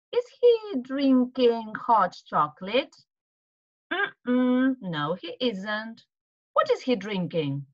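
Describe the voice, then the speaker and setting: A woman teaching to children, retelling a storybook in an animated way, with gasps and questions to the kids. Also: on the high side, highs cut off.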